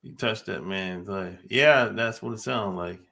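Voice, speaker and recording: A man's voice: fairly low pitch, measured pace, gravelly, pushed and bright. A man hosting a casual podcast, laid-back and teasing, breaking into laughter often. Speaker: podcast host.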